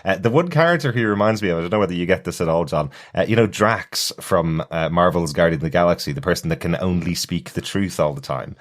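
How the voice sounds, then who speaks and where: Podcast co-host, male, very low voice, chatty and quick to laugh. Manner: chatty, laughs often, quotes scenes in funny voices. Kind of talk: casual chat.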